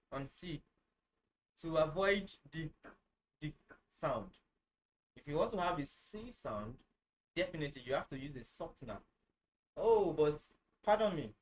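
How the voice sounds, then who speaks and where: A man giving an informal French lesson, repeating words slowly, checking that viewers follow, and correcting himself as he goes. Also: on the high side, slight background noise, rough recording. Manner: restarts and self-corrects often. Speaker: French teacher.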